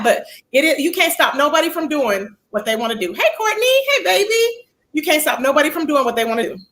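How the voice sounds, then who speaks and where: A woman's voice: sits high, sharp tone. A woman hosting a casual livestream, chatting animatedly about online drama and greeting viewers by name as baby and child. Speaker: livestream commentary host.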